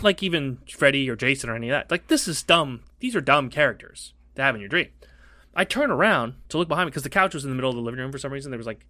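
A middle-aged man telling a story in casual podcast chat, animated and profane, slipping into squeaky voices for the people he quotes. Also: dry recording. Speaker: podcast co-host.

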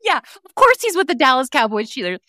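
Here a high-pitched woman talks fast over a dry, clean studio recording. As a podcast host in a relaxed interview-style conversation, she's a lively, energetic storyteller.

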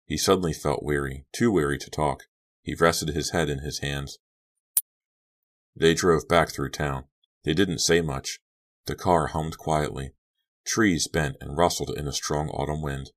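A man reads an audiobook in a steady, clipped way. His voice sits very deep. It is scripted storytelling narration. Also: measured pace.

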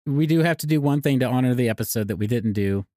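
A woman co-hosting a comedy podcast, playing a quick, bossy mock therapist in improvised scenes. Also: a bass voice, animated, warm tone, no room sound, clean studio sound. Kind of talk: improvised comedic role-play.

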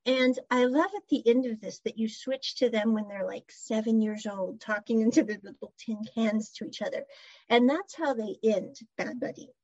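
Woman, high voice, breathy, dry close sound, slightly dull lo-fi audio, chatty episode recap. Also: moderate pace, a little mellow, no room sound. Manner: chatty storyteller, giggles, asides. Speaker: drama recap vlogger.

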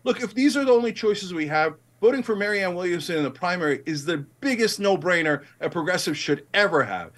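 A man's voice: sits high, lively intonation, brisk, few pauses, a bit bright. A middle-aged man in a heated political debate, emphatic and passionate, rising to indignant outbursts. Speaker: guest commentator.

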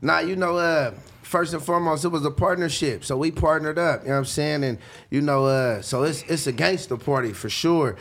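Gravelly laid-back man from Northern California. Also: on the high side, fairly quick. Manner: laid-back, slang-heavy storytelling. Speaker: guest rapper. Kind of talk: casual interview talk.

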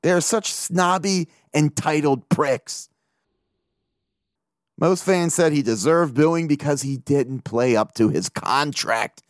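A man's voice: on the high side, slow pace, no echo, clean studio sound. A man hosting a casual sports podcast, ranting with lots of swearing and laughing at himself. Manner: profane, animated ranting. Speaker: podcast host.

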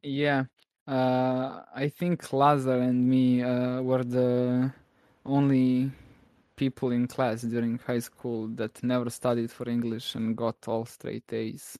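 A man's voice: medium pitch, monotone, dark tone, clear, resonant tone, dry recording. A young man chatting as a podcast guest, hesitant and full of "uh" fillers. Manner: hesitant, many "uh" fillers, slow deliberate speech. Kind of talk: casual interview chat.

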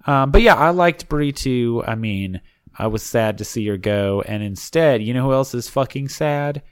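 A man co-hosting a casual podcast about reality TV, with an ordinary mid-pitched voice. He agrees easily, cracks jokes and swears now and then. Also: expressive, normal speed, clear, resonant tone. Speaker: podcast co-host.

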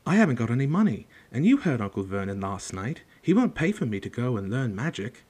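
A man reading the part of an anxious, eager young boy in a storybook, in a slightly husky voice. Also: mid-range voice, sing-song, brisk, a little mellow. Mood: worried.

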